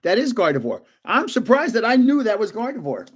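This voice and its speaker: An older man hosts a casual live card-opening stream, talking to himself as he flips through packs. His voice sits a little high and swings widely whenever a card excites him. He chats loosely and laughs often. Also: brisk, slightly rough. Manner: excitable, chatty, guessing aloud with frequent laughs.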